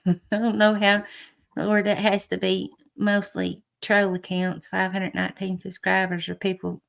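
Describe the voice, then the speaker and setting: A woman's voice: medium pitch, monotone, unhurried, vocal fry. A woman in a casual livestream chat, making gossipy, disapproving remarks about another streamer.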